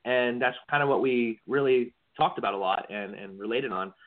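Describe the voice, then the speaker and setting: A man's voice: medium pitch, moderate pace. Man chatting on a tinny lo-fi line. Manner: rambling, repeats words when starting sentences. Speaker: podcast co-host. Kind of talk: casual political chat. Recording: tinny phone-like lo-fi audio.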